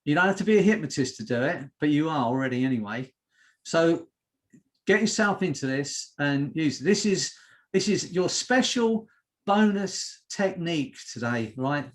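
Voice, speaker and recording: Male hypnotherapist on a video call, slightly high voice, slow soothing repetitive delivery. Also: lively intonation. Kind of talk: guided group hypnosis session.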